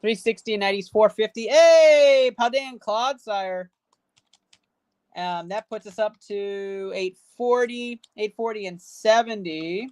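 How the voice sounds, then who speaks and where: A woman with a mid-range, fairly even voice hosts a live stream where she opens card packs, reciting running card value totals aloud. She speaks at a moderate pace with few pauses, casually bantering and cheering with chat, and the recording is dry.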